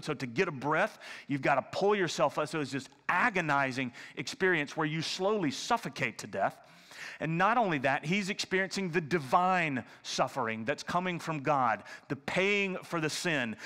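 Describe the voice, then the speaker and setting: A man preaching a sermon as pastor, earnest and conversational, often asking "right?" and at times dropping to a hushed near-whisper. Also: a little high. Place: church sanctuary. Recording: church hall reverb.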